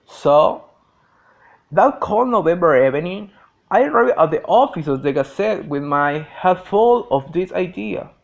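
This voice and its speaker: A man reading a story aloud in an earnest, expressive way. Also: high voice, unhurried, vocal fry, lo-fi sound. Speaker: reader. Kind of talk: audiobook reading.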